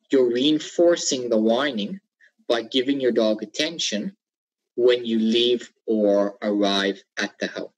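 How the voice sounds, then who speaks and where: Husky guy explaining dog training in a webinar, steady and repetitive, a few ums. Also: medium pitch, rough recording. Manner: instructive, repeats key points, some fillers. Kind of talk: webinar lecture.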